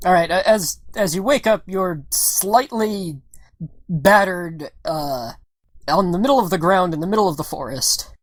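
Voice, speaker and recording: Low-voiced woman running a tabletop game. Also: a little slow, dry recording. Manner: laughs often, hesitant fillers while improvising. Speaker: game master.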